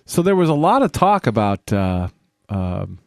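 Lively-voiced man, halting crude banter. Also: lowish voice, creaky, dry recording, clean studio sound. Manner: halting, lots of ums, swears freely. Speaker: podcast co-host.

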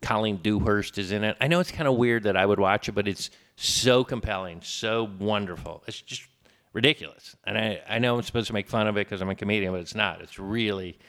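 A man with a bright, forceful voice chats casually as a comedian host. He rambles and keeps correcting himself mid-thought, with a slightly low pitch. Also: fairly quick. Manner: rambling, self-correcting, animated.

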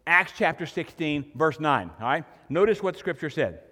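A man's voice: a little high, expressive, normal speed, sharp tone, long reverb tail. A pastor giving a sermon to his congregation in a church, preaching earnestly and building to emphatic points. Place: church sanctuary.

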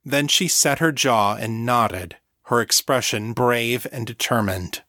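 A man narrates a fantasy serial in a steady, even reading voice. His pitch sits in the middle range. The recording is close and dry, with no room sound. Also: slow, no room sound. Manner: steady, even storytelling read. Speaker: audiobook narrator. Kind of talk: scripted narration.

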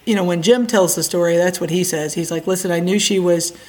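A middle-aged woman from Indiana, a podcast guest, telling her story in a casual, animated way and acting out the quotes. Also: lowish voice, fairly quick. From Indiana, USA.

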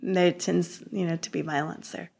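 A woman, a guest in an interview, earnestly recounting a personal story in a relaxed conversational way. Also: fairly low pitch, moderate pace, gravelly.

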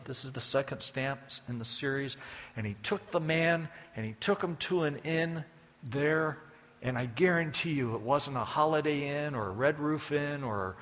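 A man's voice: medium pitch, a bit bright. A man preaching a sermon as a folksy, joking storyteller, with long hall reverb behind him.

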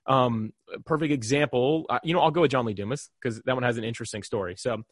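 A young man speaks rapidly and dryly, a podcast guest swapping stories. His telling is animated, full of quick asides and bits of acted-out dialogue. The sound is close and dead, with no room around it. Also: mid-range voice, breathy edge, no echo. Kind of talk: casual storytelling in conversation.

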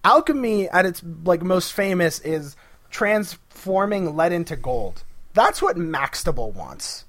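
A man's voice: high-pitched, unhurried, dry recording. A man co-hosting a podcast, chatting casually and jokingly acting out characters' lines. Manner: animated, jokey, acts out voices. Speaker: podcast co-host.

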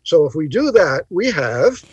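Husky teacherly man, lively pitch. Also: no echo, lo-fi sound. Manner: teacherly, pausing to stress points. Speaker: podcast host. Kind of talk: explanatory bible talk.

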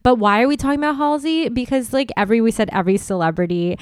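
A woman's voice: on the high side, fast talker, clean tone, no echo, studio quality. A young woman co-hosting a casual podcast, playful and giggly, swearing often. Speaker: podcast co-host.

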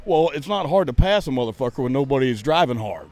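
A man's voice: mid-range voice, expressive, fast talker, darkish tone. A man, a podcast host and racing fan, ranting in a heated, sarcastic, profane way during a casual chat. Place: outdoors at a racetrack.

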